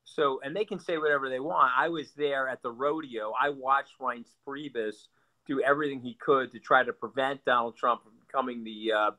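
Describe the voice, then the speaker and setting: A man's voice: mid-range voice, steady tone, normal speed, bright, forceful tone. A male guest talking politics bluntly and sarcastically, often repeating words as he builds a point. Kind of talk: animated political talk.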